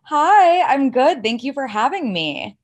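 A woman from Ohio, a podcast guest, chatting casually with heavy vocal fry and lots of "like" fillers, on a laptop mic. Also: high voice, sing-song, a little slow. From Ohio, USA. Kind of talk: casual interview chat. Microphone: laptop mic without headphones.

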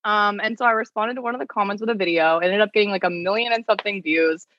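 Chatty, animated woman on a podcast. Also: mid-range voice, highs cut off, a little hiss or hum. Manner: fast, animated storytelling full of "like". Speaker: attorney and content creator, podcast guest. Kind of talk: casual podcast chat.

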